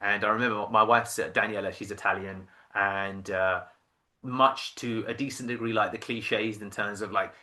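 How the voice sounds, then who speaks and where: A man in his thirties, a podcast guest telling his career story in a casual, animated way, acting out voices and often restarting sentences. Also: on the low side, moderate pace. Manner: animated storyteller who acts out quoted voices, many restarts.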